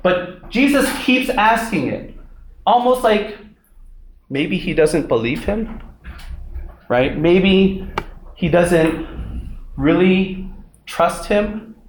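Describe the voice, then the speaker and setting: A man's voice: sits high, animated, slow, long pauses, slight background noise. A young man preaching a sermon in a conversational way, with asides like "right?", in an echoey room.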